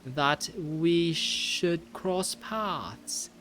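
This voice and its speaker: A man's voice: on the high side, very slow, a bit bright, a little hiss or hum, voice pushed up. A man voicing an eager, earnest young fish prince in a put-on British accent, reading game lines in a raised voice. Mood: astonished. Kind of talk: reading game dialogue aloud.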